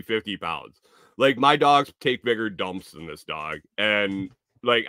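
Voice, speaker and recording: A man hosting a podcast, telling a casual, rambling story full of profanity that now and then rises to loud exclamations. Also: lowish voice, clean tone, no echo, clean studio sound. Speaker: podcast host.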